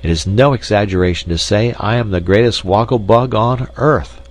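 A man voicing a proud, highly educated giant male insect in a storybook reading, speaking in a pompous, wordy way. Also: moderate pace, close to an everyday voice. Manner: proud, pompous, long words.

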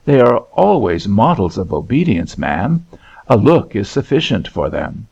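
A pompous mother lectures her guests on plain living in a storybook reading. A man plays her with a low, husky, gravelly voice, barely changed from his own, on a dull lo-fi recording. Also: very animated, a little slow, darkish tone, full character voice. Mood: preachy. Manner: prim and preachy. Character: prim, pompous mother boasting of her children.

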